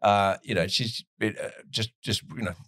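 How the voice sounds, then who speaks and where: A man's voice: on the low side, fairly even intonation, moderate pace, sharp tone, no room sound, studio quality. A man with a southwest English accent, a soccer commentator chatting on a podcast, rambling and laughing often. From southwest England. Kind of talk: casual podcast chat.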